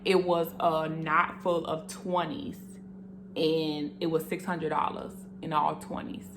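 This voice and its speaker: A woman's voice: low voice, slow pace, noisy background. Earnest young woman sharing a testimony. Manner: earnest and animated, speaks straight to viewers, emotional. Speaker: vlogger sharing her faith testimony. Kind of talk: casual testimony to camera.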